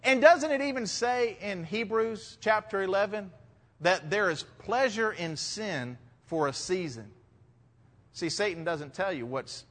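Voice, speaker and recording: A man preaching verse by verse, his voice sitting high for a man. He presses hard on his main points, and the sound trails off in a long reverberant hall. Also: fairly bright tone. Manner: rises to emphatic preaching on key points. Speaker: pastor. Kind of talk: expository sermon.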